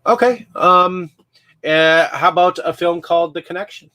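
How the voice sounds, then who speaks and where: A man's voice: high voice, moderate pace, bright, forceful tone. A man hosting an interview, asking questions hesitantly with many fillers, set back from the mic. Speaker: interview host.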